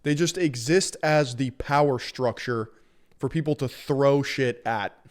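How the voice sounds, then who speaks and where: A man streams his reaction to protest footage in loose, casual talk. His voice sits at an ordinary middle pitch. He stays wry and mocking and laughs at what he sees. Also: unhurried.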